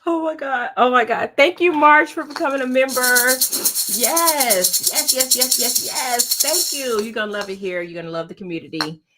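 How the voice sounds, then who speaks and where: With music in the background, a woman's voice sits high and moves at a normal speed as she hosts a casual crafting livestream. The crafting channel host is bubbly and chatty, often laughing and talking right to her viewers.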